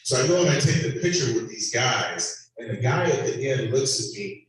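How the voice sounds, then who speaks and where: Man, church panel speaker, easygoing storyteller with ums, heard from a distance in a booming hall. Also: expressive, moderate pace. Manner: casual storytelling with frequent ums. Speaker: panelist sharing a mission trip. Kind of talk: church panel testimony with slides. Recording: echoey hall from far off, faint noise.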